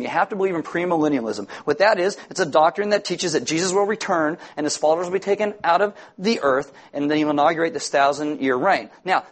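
A pastor preaching a sermon to his congregation in a lively, humorous way. He is a middle-aged man with a fairly high voice. He slips into quick voices for the people he quotes. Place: church sanctuary before a congregation.

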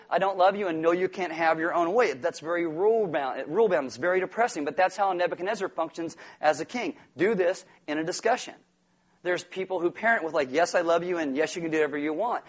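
A man preaching a sermon, acting out quotes and toddler tantrums with big swings in volume. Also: on the high side. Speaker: pastor.

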